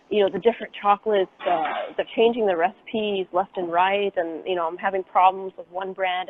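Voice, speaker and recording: A woman guest in a casual chat, talking hesitantly and leaning on many fillers. She comes through a thin, phone-like video call with a faint hiss underneath. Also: lowish voice. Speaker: chocolatier guest.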